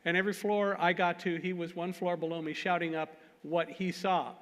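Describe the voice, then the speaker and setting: A man whose voice sits high tells an animated story at normal speed during a conference, laughing at himself through self-deprecating jokes. The recording carries the long reverb of a conference hall.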